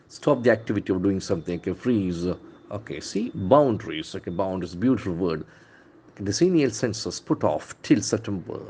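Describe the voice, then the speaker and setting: Indian english guy teaching words, says each one over and over, a bit low voice, spells letters out. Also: dark tone. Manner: enthusiastic, calls words beautiful and brilliant. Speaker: English trainer. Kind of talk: newspaper vocabulary lesson.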